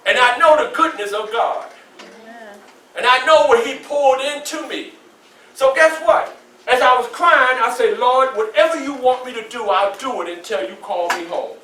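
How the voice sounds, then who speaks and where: Addressing students in a school hall, a motivational speaker in his sixties uses a Southern US accent, a preacherly call-and-response style and folksy asides. His very high voice sounds pushed and bright. It was captured from far off in an echoey room with slight background noise.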